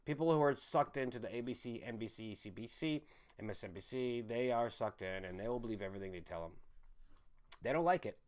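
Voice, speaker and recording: A man's voice: medium pitch, fairly quick. Rambling, ranting male stream host. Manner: ranting, with frequent restarts and stumbles; addresses the audience as folks and guys. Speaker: online commentary host. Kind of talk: rambling livestream commentary.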